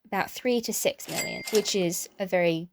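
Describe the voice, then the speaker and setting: A woman's voice: mid-range voice, normal speed, a little hiss or hum. A young British woman chatting casually as a film vlogger, thinking aloud with small restarts and hedges. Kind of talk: casual chat, film review.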